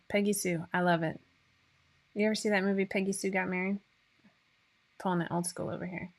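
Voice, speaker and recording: A woman's voice: mid-range voice, bright, forceful tone. A woman, hosting a casual live-stream chat in a bubbly, rambling way with many fillers. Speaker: host of a sewing pattern company show.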